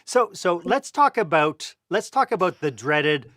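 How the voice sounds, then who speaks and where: A man's voice: high voice, very animated, measured pace, a bit bright, no room sound, studio quality. A man hosting a live podcast interview, asking playful questions and stumbling over his first words. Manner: playful, repeats words at starts, laughs easily. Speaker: podcast host.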